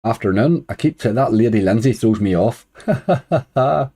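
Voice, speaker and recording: Mellow-voiced man chatting on a live stream. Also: fairly low pitch, a little fast. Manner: chatty, greets viewers by name, chuckles. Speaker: slots streamer greeting chat. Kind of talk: casual live-stream chat.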